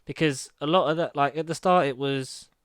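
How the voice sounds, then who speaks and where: A man's voice: fairly high pitch, normal speed, no room sound, studio quality. Jokey man on a podcast. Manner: jokey, breaks into gravelly Batman impressions. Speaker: podcast co-host. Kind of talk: casual chat.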